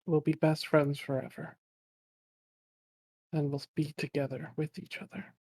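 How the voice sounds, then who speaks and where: A man voicing Baird, a soft-spoken, wounded childhood friend, in a tabletop game. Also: a little high, flat delivery, unhurried, vocal fry, breathy edge, dry recording, clean studio sound, pitched above the performer's own voice, exaggerated voice. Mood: tender, wistful. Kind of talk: narrating a tabletop game in character.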